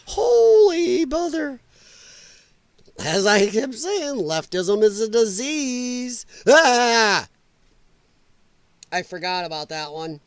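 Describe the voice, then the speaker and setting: A middle-aged man hosts a reaction podcast, and his voice sits high and swings widely as he mocks and exclaims. He takes his time over each remark, and the dry, close recording keeps every laugh and groan up front. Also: lively intonation, measured pace, few pauses, clear, resonant tone, dry recording. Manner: mocking, exclaiming, laughing often. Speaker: host. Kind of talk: reaction commentary on clips.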